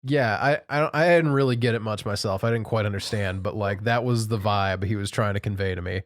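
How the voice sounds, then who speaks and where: A man's voice: on the low side, a little fast, no echo, studio quality. A man co-hosting a podcast in casual chat, telling easygoing anecdotes. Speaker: podcast co-host.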